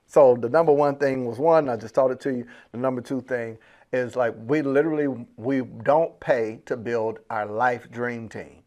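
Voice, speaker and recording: A man hosting a business podcast in a casual, slangy, animated way, laughing often and acting out little asides. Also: mid-range voice, normal speed. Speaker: podcast host. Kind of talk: casual motivational podcast talk.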